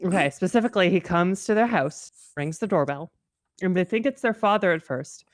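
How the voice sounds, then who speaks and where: Woman, lowish voice, casual podcast chat, swears, laughs a lot, dry close sound. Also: animated, brisk, no room sound. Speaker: podcast co-host.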